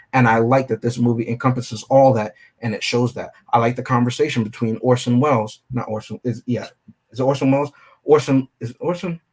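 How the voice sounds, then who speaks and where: A man with a husky, slightly breathy voice breaks down a film in relaxed review-show chat. He sits at an ordinary middle pitch and thinks out loud, picking apart scenes and checking in with "right?" as he goes. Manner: analytical, conversational, often checks in with "right?". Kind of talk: casual film review discussion.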